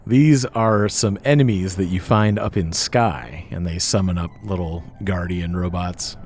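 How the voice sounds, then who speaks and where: A man's voice: deep voice, slow, a little mellow, faint music behind. An American man hosting a let's play, chatting casually over gameplay and laughing easily. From United States. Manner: chatty, giggly and easily amused.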